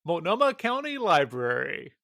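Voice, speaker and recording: Higher-voiced man, dry and close. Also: big pitch swings, normal speed, gravelly, fairly bright tone, no room sound. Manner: rambling, self-deprecating, many fillers. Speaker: podcast cohost. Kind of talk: casual chat.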